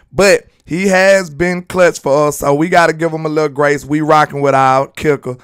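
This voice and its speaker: Animated Southern man hosting sports talk. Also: on the high side, clean tone, no echo, studio quality. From Alabama. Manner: animated, slangy, breaks into sing-song shout-outs. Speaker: sports channel host. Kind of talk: casual livestream sports commentary.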